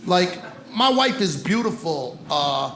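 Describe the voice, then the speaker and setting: A man's voice: sits high, sing-song, takes it slowly, vocal fry, fairly bright tone. A man doing a stand-up comedy set, teasing the audience with punchy crowd work. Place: comedy club stage. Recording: roomy club with crowd noise. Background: audience laughter.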